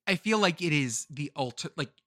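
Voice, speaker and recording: Jokey podcast host, bright voice, lively pitch, dry close mic, casual rambling chat. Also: moderate pace, no room sound. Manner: jokey, rambling, swears freely.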